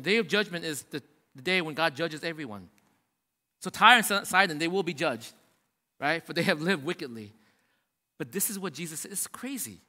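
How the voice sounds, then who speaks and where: Male preacher, high bright voice, casual emphatic sermon, long hall reverb. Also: lively intonation, a little fast. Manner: casual, emphatic preaching with many restarts and rising repetitions.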